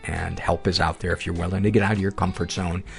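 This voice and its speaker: A man's voice: low-pitched, flat delivery, fast talker, creaky, faint music behind. A man hosting a podcast, reading a listener's letter aloud and then reflecting earnestly, with rambling asides. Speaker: podcast host.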